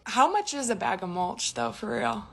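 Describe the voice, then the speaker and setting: A woman's voice: medium pitch, very animated, normal speed, creaky, slightly rough. A woman talking casually on a livestream from home, sarcastic and swearing freely.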